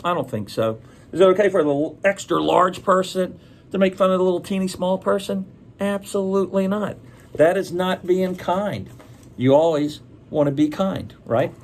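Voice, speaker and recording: A man's voice: high voice, moderate pace. A man reading a picture book aloud to children, chatting and asking them questions as he goes.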